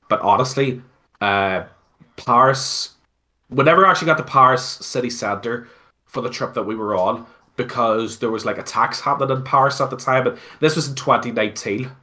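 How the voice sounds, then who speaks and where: This Belfast-accented man from Northern Ireland, a guest in an interview, recounts a story in an offhand, animated way, full of fillers and free swearing. His pitch is medium.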